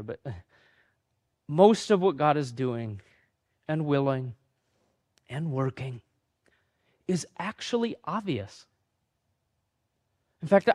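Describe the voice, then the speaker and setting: The sermon comes from a pastor whose voice is notably high, and he keeps it conversational throughout. Self-deprecating humor appears along with quick impressions of the people in his anecdotes.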